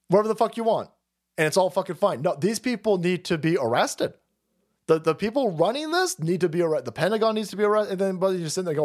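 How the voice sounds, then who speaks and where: Profane ranting man with lively pitch. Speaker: streamer. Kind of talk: political rant stream.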